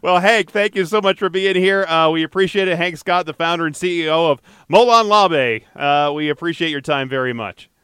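A man hosts a casual podcast, reading out a call-in number and plugging next week's show. He's upbeat and chatty and laughs easily, his voice on the high side, a little fast with hardly any pauses. The tone is fairly bright and clean, with no echo and clean studio sound.

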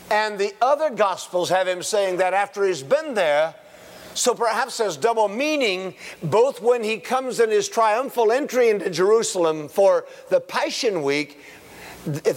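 A man's voice: sits high, long reverb tail. A man preaching a sermon as pastor, in a conversational way with folksy asides and rhetorical questions.

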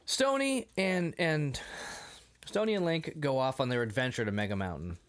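Animated man recapping a movie. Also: mid-range voice, normal speed, clean tone. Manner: animated, acts out movie lines, laughs often. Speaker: podcast co-host. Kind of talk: casual movie recap chat.

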